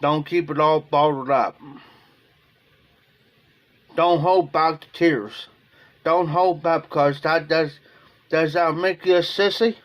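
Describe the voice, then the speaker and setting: A man's voice: fairly high pitch, steady tone, slow pace, pauses often, highs cut off. A man from Ohio talking casually on a livestream in a rambling, emotional way, often repeating himself. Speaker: live streamer.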